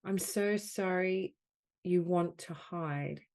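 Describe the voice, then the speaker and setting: A woman with a low, warm voice leads a guided healing session over a video call. She speaks in slow, soothing phrases and repeats each one gently. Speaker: soul mentor leading a group call.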